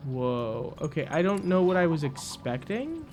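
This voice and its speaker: Excitable man playing a game. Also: fairly high pitch, slight background noise. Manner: excitable, quick to mock frustration, self-deprecating. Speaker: video game streamer. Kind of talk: casual gameplay commentary.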